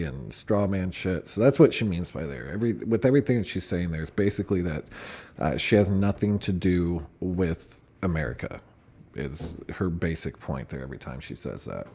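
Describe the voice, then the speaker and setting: A man with a low-pitched, warm voice hosts a casual commentary livestream in which he reads court filings aloud. He breaks into laughing fits, swears and makes mocking asides.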